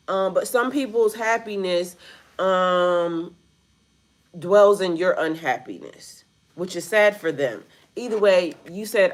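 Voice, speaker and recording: A woman's voice: mid-range voice, expressive, measured pace. A woman giving a casual spiritual reading straight to her viewers, blunt and profane, filling her talk with "like" and addressing them as "y'all". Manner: blunt and profane, heavy on the word "like". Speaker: spiritual reader.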